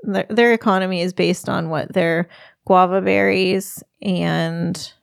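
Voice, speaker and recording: A woman's voice: on the low side, fairly even intonation, unhurried, gravelly, no echo, studio quality. A middle-aged woman telling a travel story in casual chat, giggling often as she talks. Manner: giggly, laughs often while telling stories. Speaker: podcast co-host.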